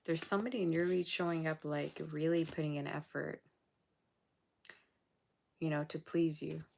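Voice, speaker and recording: Blunt woman with a low, gravelly voice. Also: fairly even intonation, moderate pace, darkish tone, slight background noise. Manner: blunt, sassy, talks straight to viewers. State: tired and yawning late at night. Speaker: tarot reader. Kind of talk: casual tarot reading to camera.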